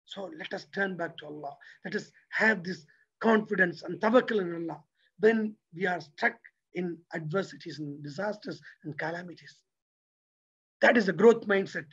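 A man giving a motivational religious talk, lively and preacherly, who keeps asking his audience rhetorical questions. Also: sits high, normal speed, slightly rough, muffled recording. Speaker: lecturer.

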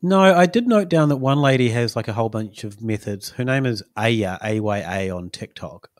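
A man's voice: medium pitch, animated, moderate pace. A man, a podcast host rambling through stories with small chuckles. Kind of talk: casual chat.

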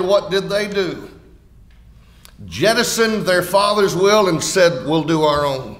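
A man preaching a sermon with a Southern American accent, acting out quoted voices with big swings in pitch and loudness. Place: lectureship hall.

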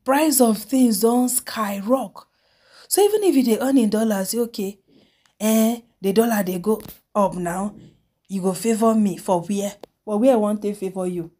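Mellow Nigerian Pidgin blogger woman. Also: medium pitch, animated, normal speed. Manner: chatty, mixes Pidgin and English. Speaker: celebrity news blogger. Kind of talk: casual commentary.

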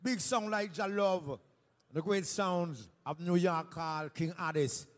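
A man giving respect and shout-outs from a live stage as a sound system selector. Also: high-pitched, a little slow. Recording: echoey live hall.

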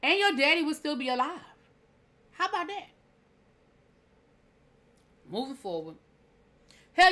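A woman's voice: high voice, sing-song, moderate pace, long pauses, bright, forceful tone. A woman reviewer giving a casual episode recap, opinionated and heated, acting out scenes in quoted dialogue. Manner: opinionated, heated rhetorical asides. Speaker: TV show reviewer.

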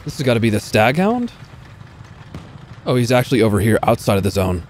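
With a mid-range, slightly mellow voice, the young YouTuber sounds very animated and a little fast. He swears, talks to himself, and pokes fun at his own play while live-commentating a tank game, and faint gunfire and vehicle noise from the game sit behind him.

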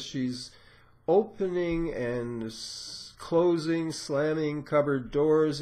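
A man giving an informal lecture, explaining step by step with frequent pauses and filler sounds. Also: mid-range voice. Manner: explanatory, unhurried, many "uh" and "um" pauses; acts out patient dialogue in a raised voice. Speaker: lecturer on psychoanalysis.

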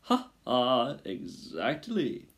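A man's voice: on the low side, wildly swooping pitch, takes it slowly, gravelly, a little mellow, exaggerated voice. A man doing Botticelli, an oily scheming rat. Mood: amused. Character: sly scheming male rat, falsely friendly.

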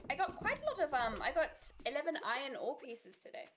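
Young woman co-streamer, playful joker, very animated delivery. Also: sits high, brisk, background noise. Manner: playful, jokey, chatty. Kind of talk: casual co-op gaming chat.

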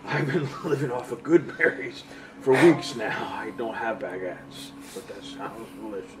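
A game master voicing a wild-haired old male lighthouse keeper who rambles with halting restarts. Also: fairly low pitch, distant mic, heavy background noise, natural voice. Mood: frantic.

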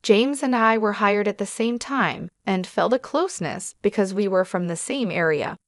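A woman with a mid-range pitch narrates a scripted first-person story at a steady, measured pace. The recording is close and dry, with no room sound.

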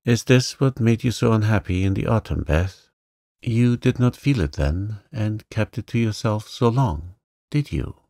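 A man's voice: lowish voice, animated, unhurried, gravelly, mellow, dry recording, clean studio sound. A man voicing a passionate, headstrong young woman who speaks earnestly and pleadingly to her sister.

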